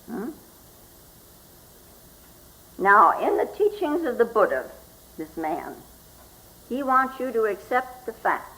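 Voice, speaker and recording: An older woman, a Zen teacher, giving a slow, reflective spoken talk and often asking "hmm?" as she goes. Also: on the high side, sing-song, sharp tone, low-quality recording. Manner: slow and reflective, with frequent questioning "hmm?" asides.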